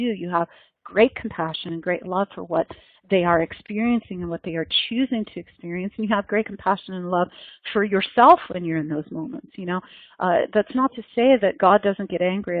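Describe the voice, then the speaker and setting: A woman's voice: medium pitch, no room sound. Earnest woman teacher over a tinny line. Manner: earnest and flowing, often repeating and restarting phrases. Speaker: spiritual teacher leading a meditation gathering. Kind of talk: meditative spiritual talk. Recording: dry, tinny phone-like sound.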